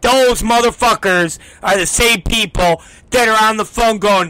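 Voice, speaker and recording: A man hosting a talk show, telling a story in a profane, animated rant and acting out the people in it. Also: high-pitched, a little slow, few pauses, clear, resonant tone, low-quality recording. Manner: profane, acts out quoted voices. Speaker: podcast host.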